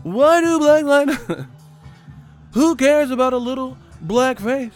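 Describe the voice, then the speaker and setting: A man's voice: slow pace, soft background music. A man voicing a mocking male troll commenter in an exaggerated, sneering tone. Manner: sneering, exaggerated high-pitched mockery.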